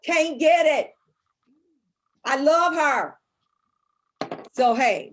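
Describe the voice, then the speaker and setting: A woman's voice: sits high, extremely slow, long pauses, a little hiss or hum. Woman, middle-aged, St. Louis accent, casual talk show chat, bouncy voice. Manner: animated storyteller, acts out voices of her kids. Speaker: co-host.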